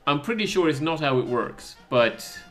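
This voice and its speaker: A man's voice: a little high, big pitch swings, moderate pace, fairly bright tone, faint music behind. A man co-hosting a podcast in casual chat, rambling with many filler words. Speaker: podcast co-host.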